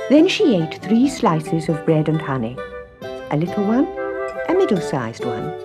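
A woman narrating a children's story in a slow, expressive storyteller manner. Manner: slow, expressive, very lively pitch. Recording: music underneath. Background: instrumental music.

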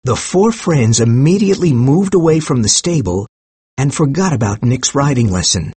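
Male narrator, measured and expressive; husky tone, dry booth sound. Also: medium pitch, dry recording. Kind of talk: scripted audiobook narration.

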